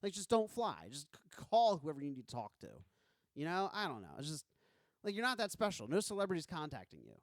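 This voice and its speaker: A man co-hosting a podcast in casual chat, animated and joking, acting out quoted lines. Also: high voice, fairly quick, no echo. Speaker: podcast co-host.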